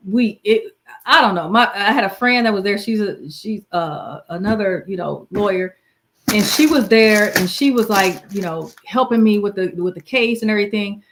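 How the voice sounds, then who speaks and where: A woman's voice: medium pitch, slight background noise. Earnest woman telling her story. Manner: earnest, candid, trailing off and restarting. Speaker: guest sharing her story. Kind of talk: casual storytelling chat.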